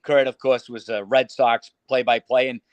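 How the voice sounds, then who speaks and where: A man with a Boston accent, a radio entertainer telling prank-call stories as a guest in a casual interview, animated and quick to slip into voices. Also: medium pitch, no room sound. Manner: animated anecdote teller who slips into put-on voices.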